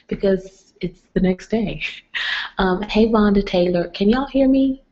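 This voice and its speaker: A woman's voice: medium pitch, a little slow. A woman hosting a late-night live stream from home, talking casually and keeping her voice down, often near a whisper, through a computer mic. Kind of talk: casual live-stream chat with motivational talk. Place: home at night with others asleep. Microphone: computer mic on a live video stream. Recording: dull lo-fi stream audio.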